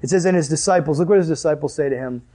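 High-voiced casual preaching man. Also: very fast. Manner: casual, animated preaching with many "like"s. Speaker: pastor. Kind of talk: sermon.

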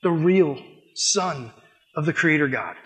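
High-voiced man preaching a story-driven sermon. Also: slow pace. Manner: animated storytelling, acting out dialogue. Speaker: youth pastor.

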